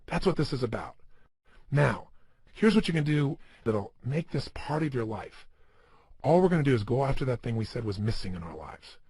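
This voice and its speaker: A man's voice: mid-range voice, sing-song, normal speed, darkish tone, slightly rough, no room sound. A man giving a motivational seminar talk, speaking emphatically and asking the listener many rhetorical questions.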